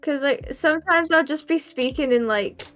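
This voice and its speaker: Woman, high voice, chatty, playful, faint music behind. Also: normal speed, fairly bright tone. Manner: chatty, playful, laughs often. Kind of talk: casual chat on a live stream.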